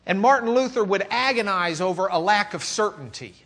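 A man with a Texan accent, from Lubbock, teaching a church class in a conversational sermon style, swinging between loud questions and quiet musing. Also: high-pitched, animated, a little fast. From Lubbock, Texas.

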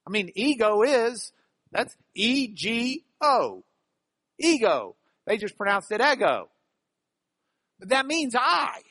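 Man, lecture, unhurried, lively pitch, dry sound. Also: no echo. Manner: animated, stresses words by repeating them. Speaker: Bible Greek teacher. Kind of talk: classroom lecture.

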